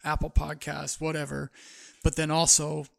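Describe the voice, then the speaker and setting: Man, podcast co-host, gravelly, somewhat high-pitched, rambling casual chat. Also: completely flat delivery, moderate pace, a bit bright. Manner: laughs easily, rambling with fillers.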